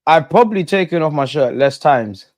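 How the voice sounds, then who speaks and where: A man hosting a live football watch-along, chatting in excitable, slangy banter with his viewers. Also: a little high, normal speed, no echo. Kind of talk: live fan commentary and chat.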